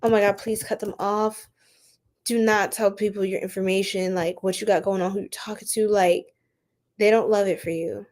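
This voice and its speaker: A woman giving a casual live-stream tarot reading, chatty and animated, saying "like" often and talking to her viewers in the chat. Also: medium pitch, moderate pace.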